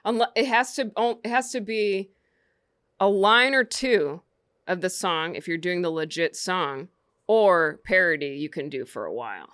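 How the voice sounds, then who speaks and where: A woman comedian guest chatting casually and lively about her stand-up work. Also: lowish voice, no room sound, studio quality. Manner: lively, quick, breaks into sung lines.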